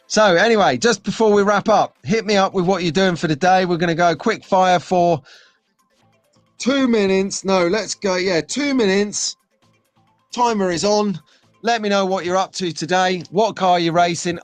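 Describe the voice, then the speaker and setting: A man's voice: a little high, dry recording. A man hosting a live stream, chatting in a rambling, jokey way while reading out viewer comments. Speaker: host.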